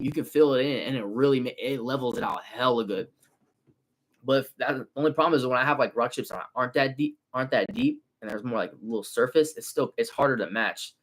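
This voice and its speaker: On a casual livestream, a car detailing business owner in his twenties from the San Francisco Bay Area talks in loose, slangy, animated street speech, using a mid-range voice.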